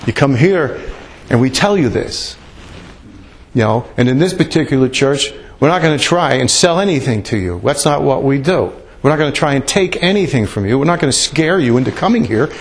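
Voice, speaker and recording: A man's voice: on the high side, a little hiss or hum. A man preaching a sermon in a loose, conversational way, with asides and repeated words. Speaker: pastor. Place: church.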